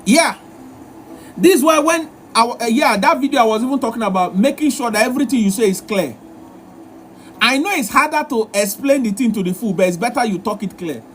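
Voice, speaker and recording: A man with a very high, bright voice, lively intonation, and a fairly quick pace hosts a live relationship advice session. He lectures emphatically and repeats himself, and there's a little hiss or hum on the live-stream audio.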